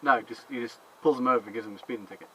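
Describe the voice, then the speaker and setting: A man's voice: mid-range voice, very fast, a bit bright, husky, poor audio. A man in casual chat, rambling and swearing, laughing often. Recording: faint background noise.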